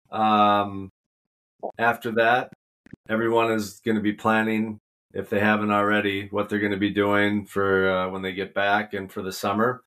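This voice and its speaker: A man hosting a podcast, asking his guest relaxed, open questions. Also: lowish voice. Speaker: podcast host. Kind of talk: casual podcast interview.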